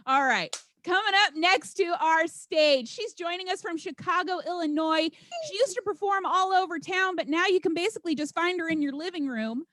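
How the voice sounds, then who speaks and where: A woman's voice: extremely high pitch, normal speed, a bit bright, dry recording, studio quality. A woman hosting a comedy show, cheering and chatty as she introduces the next act.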